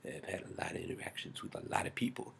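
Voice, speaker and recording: A man recording a rambling, intense personal video message, swearing and restarting often and often dropping to a whisper. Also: fast talker.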